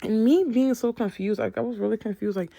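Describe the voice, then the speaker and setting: A young woman telling a casual storytime, soft and hesitant, full of "like" fillers. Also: on the high side, a little fast, gravelly, dry recording.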